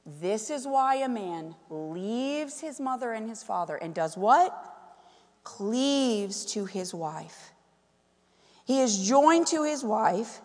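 A woman preaching a sermon, animated and full of questions to the congregation. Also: on the high side, big-room sound. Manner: animated, asks the crowd many questions. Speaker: pastor's wife preaching.

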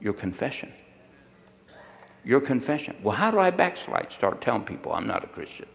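An older male preacher delivering a sermon with folksy humor and personal anecdotes. He pulls the congregation into call-and-response. His voice sits at an ordinary pitch for a man and rings with the long reverb of a large hall. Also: big pitch swings, normal speed, vocal fry. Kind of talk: sermon with storytelling.

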